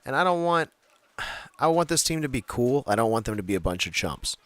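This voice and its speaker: A man's voice: mid-range voice, very animated, brisk, a bit bright, no echo. A man co-hosting a casual wrestling podcast, rambling with many fillers and frequent laughs. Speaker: podcast co-host.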